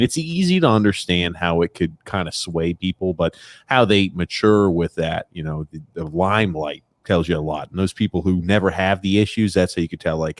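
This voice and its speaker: A man with a very low voice co-hosts a podcast and thinks aloud with lots of fillers. The sound is close and dry. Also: no room sound. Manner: reflective, drawn-out remarks with many fillers. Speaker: podcast co-host. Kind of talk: casual chat.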